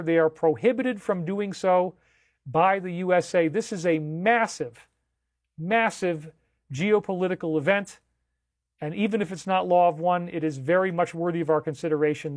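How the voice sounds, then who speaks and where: Guy with a high voice doing livestream commentary, super emphatic, keeps repeating stuff, dry close sound. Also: a little mellow, no room sound. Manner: emphatic, incredulous, repeats phrases. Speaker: livestream host.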